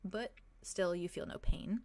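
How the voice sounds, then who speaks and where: A woman's voice: on the low side, measured pace, a little mellow. A woman narrating as game master for a tabletop game, hesitant, with frequent ums and likes. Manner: hesitant, lots of "um" and "like".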